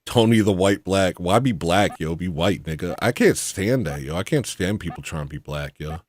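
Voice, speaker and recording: A man ranting casually as a comedic livestream host, mumbling asides between louder bursts. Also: low-pitched, animated, normal speed, no echo. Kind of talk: rambling comedic livestream rant.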